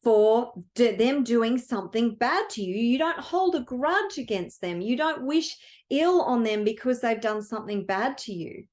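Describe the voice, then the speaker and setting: A woman's voice: fairly high pitch, lively intonation, measured pace, hardly any pauses, darkish tone. A woman wealth coach giving an earnest, emotional motivational talk, telling a story to her viewers.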